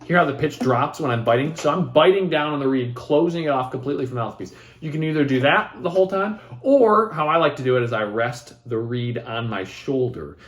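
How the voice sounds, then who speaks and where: A man's voice: mid-range voice, a little fast, hardly any pauses, faint music behind. A man with an ordinary mid-range voice talks players through his piece in a loose, easygoing teaching manner. He thinks aloud, with plenty of ums and restarts. Faint saxophone playing sounds in the background. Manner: relaxed, filler-heavy, thinks aloud. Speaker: composer demonstrating his piece. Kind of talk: casual instructional walkthrough. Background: saxophone demonstrations.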